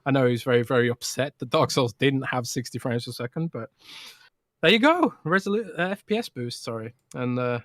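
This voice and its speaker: Bright, teasing British man. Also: mid-range voice, lively intonation, fairly quick, no room sound, studio quality. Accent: British English. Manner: playful, teasing. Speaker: podcast co-host. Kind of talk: casual chat.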